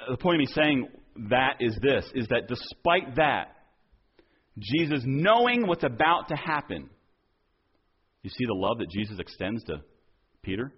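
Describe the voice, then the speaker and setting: A male pastor preaching a sermon earnestly, acting out quoted dialogue and dropping softer on key points. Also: medium pitch, big pitch swings, moderate pace, long pauses, husky, lo-fi sound.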